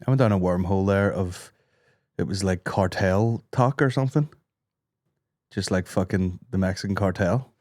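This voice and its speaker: A man hosting a podcast in casual comedic chat, swearing often and quick to laugh. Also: sits low, a little mellow, no echo, studio quality. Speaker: podcast host.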